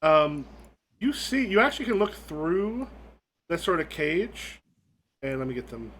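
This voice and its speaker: A man's voice: on the high side, sing-song, a little slow, a bit bright, slight background noise. A man narrating as game master, rambling and full of fillers while he improvises.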